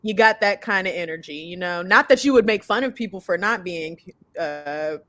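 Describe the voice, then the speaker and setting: A woman's voice: on the low side, lively intonation, moderate pace, fairly bright tone. A woman co-hosting a casual online review chat, teasing playfully with lots of fillers, on a video-call mic. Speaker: co-host.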